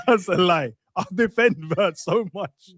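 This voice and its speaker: Young man, slightly high voice, joking, slangy co-host, dry close mic. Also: measured pace, fairly bright tone, no echo. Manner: slangy, joking, reads out viewer comments. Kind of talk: casual chat.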